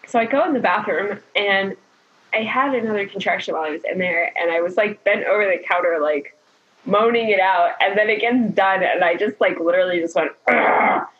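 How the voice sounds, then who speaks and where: A woman casually telling her birth story as a guest, chatty and animated, quoting people often. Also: medium pitch, a little fast. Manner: chatty, animated retelling with frequent "like" and laughter. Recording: dull lo-fi recording.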